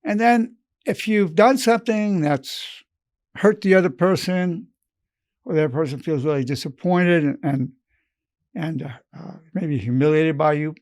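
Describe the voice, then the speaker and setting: An elderly man in his eighties teaches with earnest, measured calm. His voice sits somewhat high for a man. The sound is close and dry, with no room echo. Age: 80s. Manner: earnest, measured, acts out loving phrases softly. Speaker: psychologist giving a lesson. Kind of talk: unscripted advice talk.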